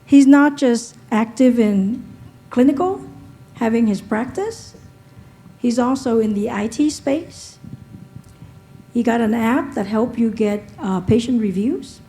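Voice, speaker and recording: Woman host with a mellow voice. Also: on the high side, takes it slowly, rough recording. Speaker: event host introducing a speaker. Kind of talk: introducing a guest on stage. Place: hotel event room.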